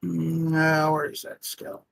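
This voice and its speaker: Playful higher-voiced man player, dry sound. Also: completely flat delivery, very slow, gravelly, fairly bright tone, no room sound. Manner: playful, teasing. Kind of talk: tabletop game chat.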